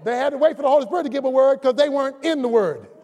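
A man's voice: extremely high pitch, racing, mellow, some chatter behind. A man preaching a sermon as pastor, emphatic and calling out key words to his congregation. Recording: long reverb of a large hall.

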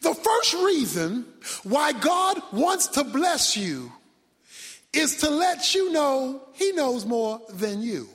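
A man preaching a sermon as pastor, swinging from loud shouts down to near-whispers. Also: very high voice, very animated, slow pace. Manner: preaching with sudden shouts and drops to a hush. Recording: long hall reverb.

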